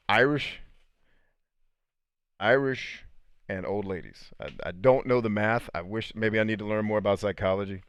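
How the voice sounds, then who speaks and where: Brief: relaxed male host, storytelling, low voice, dry close sound. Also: clear, resonant tone, no echo. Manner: laid-back, storytelling, reading viewer comments aloud. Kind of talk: casual live stream chat.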